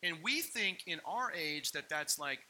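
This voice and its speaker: A man's voice: a little high, lively intonation, a little slow, pushed and bright, slight background noise, poor audio. A man preaching a sermon as pastor, telling stories with playful asides and acted-out quotes. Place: church hall.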